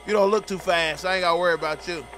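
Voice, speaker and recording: A young man doing comedic game commentary, loudly roasting the characters in slang. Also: high voice, fairly even intonation, racing, over music. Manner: loud trash-talking, roasting characters in slang. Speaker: gaming streamer.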